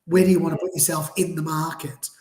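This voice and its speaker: A man's voice: fairly high pitch, flat delivery, fast talker, darkish tone. An Australian man in casual chat, explaining his ideas thoughtfully, step by step. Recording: roomy echo.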